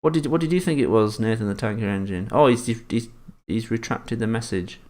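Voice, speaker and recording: A man's voice: on the low side, fairly quick, a little mellow. A man hosting a live-stream quiz, reading out viewers' guesses and swearing casually while teasing his chat. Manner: swears often and teases the chat.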